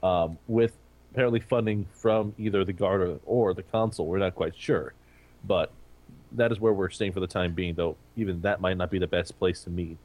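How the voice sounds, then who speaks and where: A man's voice: sits low, steady tone, moderate pace, a little mellow. A man playing a tabletop game who often stammers and restarts his sentences. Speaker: player.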